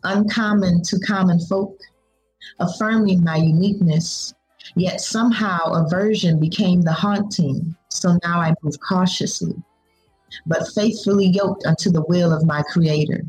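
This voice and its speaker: A woman with a husky, slightly low voice recites her own spoken word poetry in a measured, deliberate way. Faint music plays behind her. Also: a little mellow, poor audio. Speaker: poet guest.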